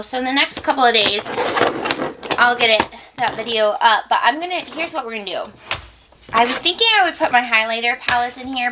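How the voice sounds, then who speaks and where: A woman's voice: on the high side, background noise. A woman chatting casually to camera at home as a makeup vlogger, rambling and giggly. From United States.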